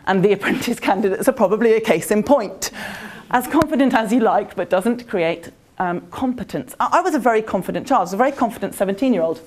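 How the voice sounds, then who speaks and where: A woman's voice: medium pitch, fast talker. Woman doing a motivational talk at a conference, chatty, voice goes up and down a lot. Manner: animated, conversational, talks straight to the audience with questions. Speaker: conference speaker. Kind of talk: motivational presentation. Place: conference venue.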